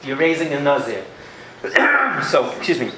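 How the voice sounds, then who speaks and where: Man, lecturer, animated, acts out scenes, slightly high voice, roomy echo. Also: a little slow, a crowd in the background. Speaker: educator giving a parenting talk. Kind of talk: lecture with audience questions.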